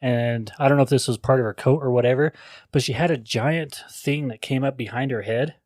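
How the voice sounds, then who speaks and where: A man co-hosting a casual movie podcast, crude and joking, who keeps acting out scenes in quick little voices. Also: medium pitch, a little mellow, dry recording, clean studio sound. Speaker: podcast co-host. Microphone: studio microphone.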